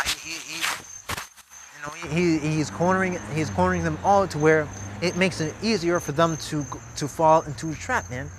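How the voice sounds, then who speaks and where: Outdoors at a camp, a man with a fairly high voice teaches from scripture informally against a noisy background. He keeps tagging remarks with "man," "okay?" and "all right?", and reads verses aloud louder and more formally than his own talk.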